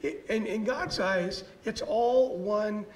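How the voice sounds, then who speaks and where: Earnest high-voiced pastor. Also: male voice, slow pace, poor audio. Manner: earnest, peppered with "you know". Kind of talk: conversational church teaching.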